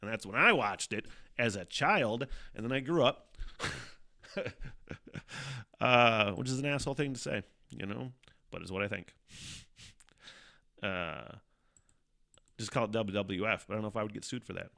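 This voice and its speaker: A man's voice: fairly low pitch, moderate pace, gravelly, long pauses, bright, forceful tone. A man hosting a casual solo podcast, rambling and swearing a lot, often laughing and sighing in exasperation. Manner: sighs and mutters in exasperation. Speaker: podcast host.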